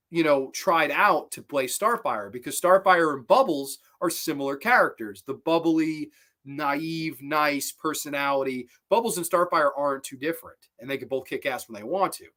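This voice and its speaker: A man's voice: on the high side, a bit bright. A man hosting a show, reviewing cartoon episodes in a rambling, casual way, with profanity and frequent self-corrections. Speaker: show host.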